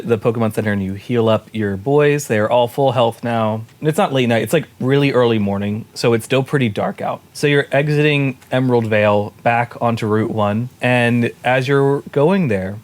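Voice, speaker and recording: A man running a tabletop role-playing game, describing scenes and rolls in a relaxed, easygoing manner. His voice sits in an ordinary middle male pitch and he keeps a jokey tone with his players. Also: moderate pace, hardly any pauses. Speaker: game master.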